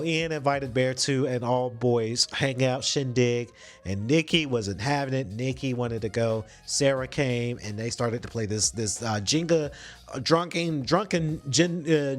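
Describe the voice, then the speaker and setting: A man hosting a podcast, casually retelling a movie plot in slangy, animated storytelling with some swearing. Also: medium pitch, normal speed, soft background music. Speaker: podcast host.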